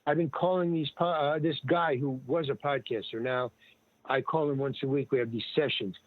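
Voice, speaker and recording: An older man, a guest, tells rambling, digressive stories, often starting over and quoting people. His mid-range voice has fairly even intonation and a moderate pace, and the recording is a dry, tinny phone-like line.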